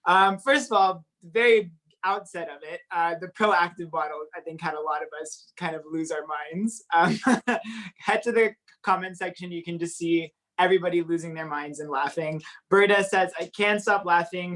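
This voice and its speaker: Woman host, live online comedy night, lower pitch, upbeat, laughs often. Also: a bit bright. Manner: upbeat, laughing, reading out comments. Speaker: show host.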